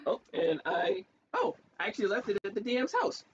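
A man, a theater actor, chatting as a guest in a casual interview, animated, laughing often and jumping up in pitch for quoted voices. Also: brisk. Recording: dull lo-fi stream audio with faint hiss.

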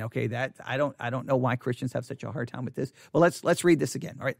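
A man's voice: mid-range voice, quick pace, gravelly, hardly any pauses, no room sound, clean studio sound. A middle-aged American man, a pastor hosting a podcast, giving blunt and exasperated commentary on a listener's email. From United States.

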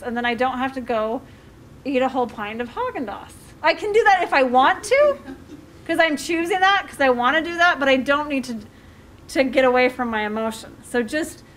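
A high-pitched middle-aged woman talks as a life coach in a loose, chatty way. She often restarts her sentences, fills gaps with small words and laughs now and then. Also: fairly bright tone, a little hiss or hum. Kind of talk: talk on handling emotions.

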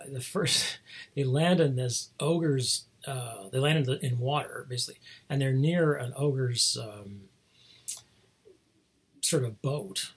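A man's voice: medium pitch, husky. A middle-aged man hosting, recounting things in a casual, rambling monologue, chuckling often between restarts. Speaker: host.

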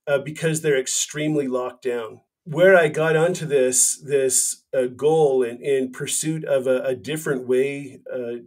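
A man's voice: medium pitch, husky. Earnest man telling his story. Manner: earnest storytelling with frequent restarts. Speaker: guest, company founder. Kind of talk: casual interview chat.

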